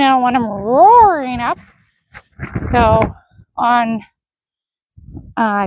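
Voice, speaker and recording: A woman horse trainer talking through a training session, praising and coaxing the horse in a soft, encouraging voice. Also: a little high, rough recording. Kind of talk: live commentary while training a horse.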